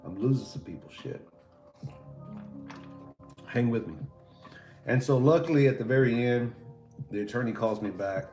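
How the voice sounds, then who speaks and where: A man's voice: mid-range voice, normal speed, long pauses, a little mellow. A man hosting a live stream, chatting casually in a rambling, laid-back and profane way while talking to viewers. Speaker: livestream host. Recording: roomy echo, faint music behind.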